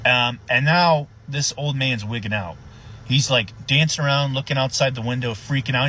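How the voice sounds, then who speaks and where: A man's voice: medium pitch, moderate pace, pushed and bright, rough recording. A man, a sheriff's deputy, telling a story casually and animatedly, swearing and acting out the voices of the people in it.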